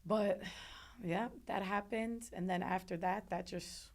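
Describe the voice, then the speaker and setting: A woman's voice: mid-range voice, fairly even intonation, slow pace. A young woman telling a painful personal story as an interview guest, earnest and repetitive, sometimes acting out what others said. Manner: earnest, repeats words, acts out others' voices.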